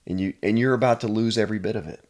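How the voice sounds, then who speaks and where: A man's voice: on the low side, very fast, a little mellow. A man from Pennsylvania, a chiropractor guest, telling personal stories in an earnest, casual way. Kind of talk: casual storytelling.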